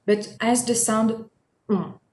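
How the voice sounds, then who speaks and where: A woman's voice: medium pitch, measured pace, darkish tone. Patient woman teaching, roomy echo. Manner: patient, repeats sounds and checks in with "all right?". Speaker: French teacher. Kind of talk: recorded language lesson. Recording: echoey room.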